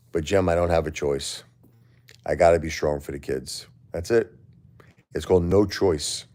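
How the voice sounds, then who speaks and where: Very deep-voiced grieving man, weary. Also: a little mellow. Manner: grieving, weary, halting with repeated words. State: emotionally drained. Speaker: livestream host. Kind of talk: casual livestream talk to viewers.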